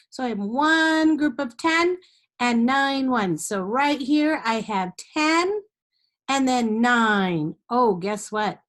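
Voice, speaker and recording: A woman's voice: on the high side, slow, a bit bright. A woman teaching a step-by-step math lesson to young children, patient, with sing-song chants and frequent check-ins.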